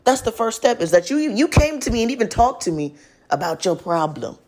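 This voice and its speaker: A woman's voice: fairly high pitch, very animated, a little fast, darkish tone, pitched above the performer's own voice. A young woman voicing God as a patient, fatherly figure who firmly reassures and refuses to give up. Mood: reassuring. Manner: firm, reassuring, plain-spoken.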